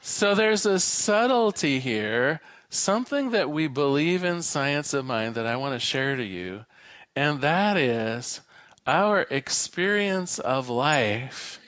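A man minister giving a sermon, an animated storyteller who shifts between quick and slow delivery. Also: medium pitch, dry recording. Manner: animated storyteller, varies his pace.

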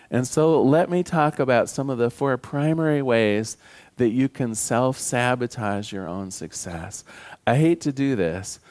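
Male pastor, sermon, conversational, humorous, mid pitch. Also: darkish tone. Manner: conversational and humorous, tells jokes to the congregation.

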